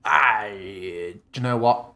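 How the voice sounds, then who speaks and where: A man narrating as game master in a casual, loose way, pausing with ums while he checks rules. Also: on the low side, creaky, sharp tone, a little hiss or hum.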